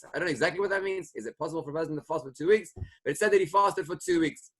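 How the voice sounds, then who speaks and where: A middle-aged rabbi delivers a Torah lecture, his voice sitting a little higher than most men's. He explains his sources patiently and moves into storytelling, lifting his tone when he voices the people in the story. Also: racing, breathy edge. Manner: explanatory, retells stories and lifts his voice for quoted speakers. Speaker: rabbi teaching a class.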